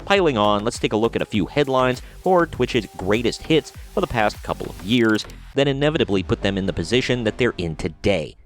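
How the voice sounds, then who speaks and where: A man's voice: fairly low pitch, expressive, fairly quick, hardly any pauses, faint music behind. A man hosting a commentary video, reading out news articles and adding blunt, sarcastic remarks of his own. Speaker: commentary channel host.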